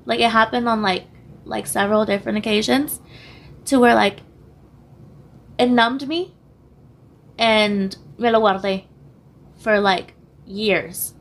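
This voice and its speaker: A young woman with a hoarse voice, a podcast guest speaking candidly and haltingly, switching languages mid-sentence. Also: on the high side, fairly even intonation. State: losing her voice, hoarse. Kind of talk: candid personal interview.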